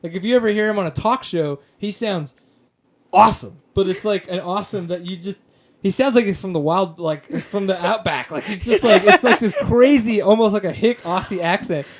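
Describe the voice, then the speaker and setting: A man's voice: high voice, fairly quick. An American man hosting a casual podcast, rambling and joking with plenty of fillers. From United States. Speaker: podcast host.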